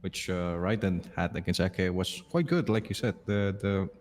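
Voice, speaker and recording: A lower-pitched male esports caster doing live commentary, animated and quick to exclaim. His voice carries a long reverb tail. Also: a little hiss or hum.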